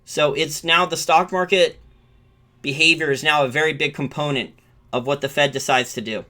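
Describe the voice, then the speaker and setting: Man, finance show host, live-stream commentary, bright tone, slightly high pitch, rambling, self-correcting. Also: fairly even intonation, moderate pace. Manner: rambling, restarts and corrects himself.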